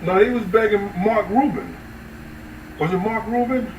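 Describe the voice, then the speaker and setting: A man hosting a casual livestream, talking loosely and profanely to his chat, with sudden high-pitched outbursts. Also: normal speed, darkish tone, far from the mic. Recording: roomy echo, off-mic, faint ambient noise.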